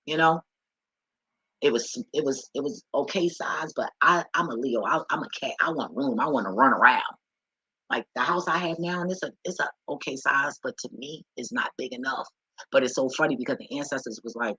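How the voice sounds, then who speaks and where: Young woman, AAVE speech, profane candid vlog rant, husky tone, dry close sound. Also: rumbling low, a little fast, no echo, poor audio. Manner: profane, blunt, animated storytelling. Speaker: vlogger.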